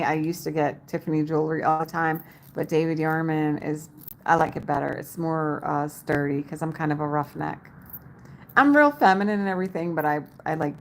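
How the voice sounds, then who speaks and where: A chatty woman hosts a livestream from her home, reading her viewers' comments aloud and answering them by name. Her voice sits low and carries a gravelly fry, and she laughs often as she talks. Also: slight background noise. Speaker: livestream host. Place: home in Las Vegas.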